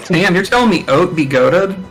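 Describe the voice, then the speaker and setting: A man co-hosting a gaming podcast in casual chat, joking and quick to laugh. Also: high voice, expressive, faint music behind. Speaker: podcast co-host.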